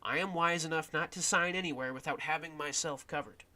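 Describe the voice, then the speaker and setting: A man's voice: a little high, a little fast, pushed and bright. Man putting on a weathered old camp follower woman. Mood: gruff, worldly. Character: weathered older female camp follower, blunt and shrewd.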